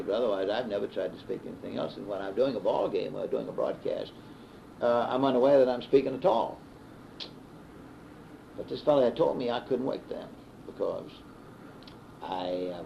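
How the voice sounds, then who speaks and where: A Southern man in his fifties reminisces at an unhurried pace, often pausing on an "uh" before going on. His voice is gravelly and mid-pitched. It comes from a dull, muffled 1960s reel-to-reel tape with a faint hiss under it. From American South. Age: 50s. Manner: unhurried storyteller with frequent "uh" restarts. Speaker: sports broadcaster. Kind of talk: reminiscing interview.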